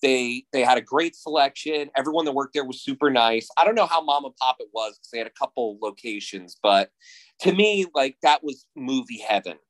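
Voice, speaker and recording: A man in his thirties from New Jersey, a podcast guest telling stories in a casual, excitable and profane way. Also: mid-range voice, brisk, poor audio. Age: 30s. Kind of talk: casual chat.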